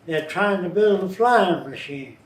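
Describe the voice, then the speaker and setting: A man's voice: high-pitched, animated, measured pace, pitched above the performer's own voice. A man doing a drawling farmer. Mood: folksy. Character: stubborn old-time male farmers. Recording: roomy, distant, faint noise.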